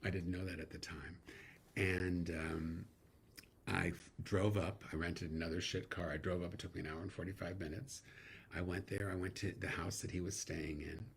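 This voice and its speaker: A middle-aged man, a guest actor, telling animated stories in a casual interview, laughing now and then. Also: low-pitched, moderate pace, creaky, slight background noise.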